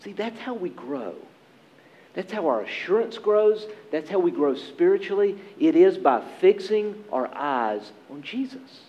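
High, lively preaching man. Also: muffled recording. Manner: earnest, emphatic preaching with dramatic pauses. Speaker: pastor. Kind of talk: sermon.

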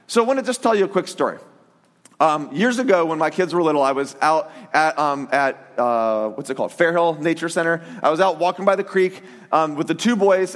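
A middle-aged man, a pastor giving a sermon in a conversational, animated storytelling way. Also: sits high, in a large hall.

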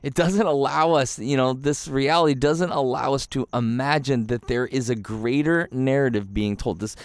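A man's voice: mid-range voice, normal speed, no room sound. A man preaching an Easter sermon in a casual, conversational way, acting out quoted voices. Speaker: pastor.

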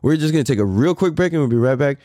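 A man's voice: on the high side, animated, racing, dark tone, no echo, clean studio sound. A man in his thirties hosting a podcast, telling a story in a rambling, profane way with many fillers. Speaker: podcast host. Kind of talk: casual storytelling.

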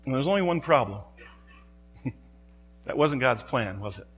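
A man's voice: medium pitch, expressive, moderate pace, a bit bright, slightly rough, in a large hall, faint music behind. A man preaching a sermon in a church, dramatic and rhetorical, building his points through repeated phrases and pointed questions to the congregation.

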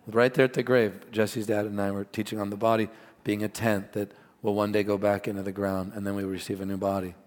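A man preaching a sermon as pastor, earnest and animated, mixing stories and asides with scripture. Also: lowish voice, a little fast, hardly any pauses. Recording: long hall reverb.

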